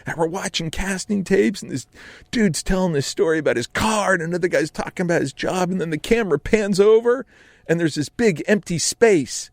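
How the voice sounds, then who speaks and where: A man voicing a pair of excited male ad guys, breathless and hyped, in a radio studio. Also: high voice, a little fast, dry recording, voice pushed up.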